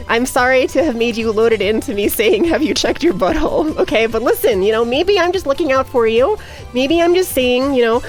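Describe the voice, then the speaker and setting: A young woman chats on her live stream in a rambling, giggly way, her voice sitting a little high and swinging up and down a lot. She drifts into cooing baby talk now and then. Faint music plays behind her. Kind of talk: casual live-stream chat.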